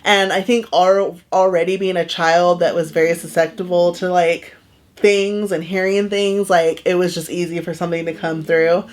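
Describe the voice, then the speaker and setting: A woman's voice: fairly low pitch, fairly even intonation, moderate pace. A woman in her thirties, a podcast co-host telling stories in a casual chat, full of "like" fillers, recorded in a garage. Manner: chatty, heavy on "like" fillers.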